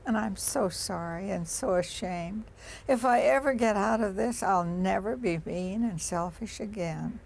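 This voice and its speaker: A woman's voice: mid-range voice, a little slow, creaky, a little mellow, a little hiss or hum, rough recording. A woman voicing a selfish, one-legged little male chick in a spoken story, grumbling and pleading in turn.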